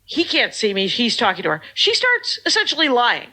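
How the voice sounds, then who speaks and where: A woman telling a story in a casual podcast chat, lively and self-mocking. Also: fairly high pitch, normal speed.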